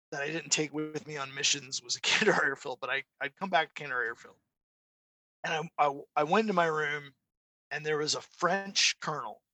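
A man's voice: a little high, sharp tone, no echo. A man co-hosting a podcast in casual chat, telling stories with many restarts and asides. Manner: rambling storyteller with restarts. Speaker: podcast co-host.

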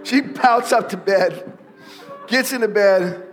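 A middle-aged male pastor preaching a sermon, telling a family story with animated delivery and building to shouted exhortation before a congregation. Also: high voice, takes it slowly, soft background music. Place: church sanctuary before a congregation.

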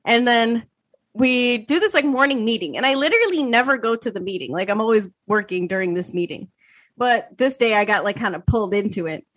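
A woman in her thirties co-hosting a podcast, telling an animated story with lots of swearing and acted-out quotes. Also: a little high, fairly quick, dry recording. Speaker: podcast co-host. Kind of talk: casual chat.

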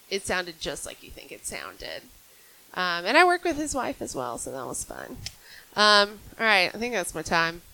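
Casting: twenties woman comic, bright, slightly high voice, deadpan self-deprecating delivery. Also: poor audio. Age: 20s. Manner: dry, self-deprecating storytelling with acted-out quotes. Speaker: stand-up comedian. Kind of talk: stand-up comedy set. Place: comedy club stage.

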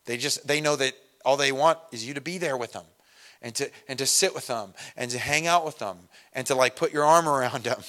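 Middle-aged male pastor, chatty storytelling sermon, medium-pitched voice, self-deprecating humor. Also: fairly quick, a bit bright.

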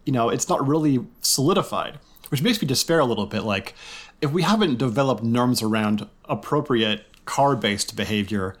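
A man's voice: medium pitch, animated, normal speed, a bit bright. Musing man, hesitant with fillers. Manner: musing, hesitant, many fillers and tag questions. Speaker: podcast co-host. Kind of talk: casual podcast chat.

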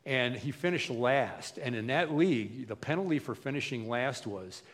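A man preaching a sermon as a pastor, animated and conversational, often acting out the people he quotes. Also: mid-range voice, moderate pace. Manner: animated, acts out quotes in voices. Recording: long hall reverb.

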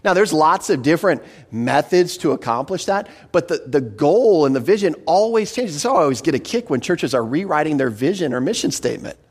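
A man's voice: a little high, animated, a little fast, hardly any pauses, breathy edge. A pastor preaching an expository sermon, earnest and emphatic, often repeating a word as he starts a phrase.

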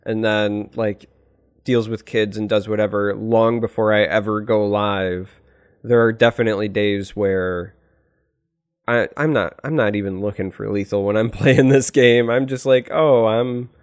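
A man's voice: lowish voice, steady tone, a little slow, clean tone. A man in his thirties co-hosting a podcast, chatting casually with dry, teasing humor. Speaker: podcast co-host. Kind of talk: casual chat.

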